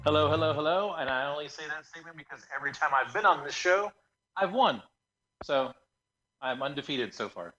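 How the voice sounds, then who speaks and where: A man speaks in a relaxed, boastful way as a debate contestant, his voice a little high. The sound is dull and lo-fi, and he seems set back from the mic. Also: a little fast, soft background music. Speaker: debate contestant, radio personality. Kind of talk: comedic banter.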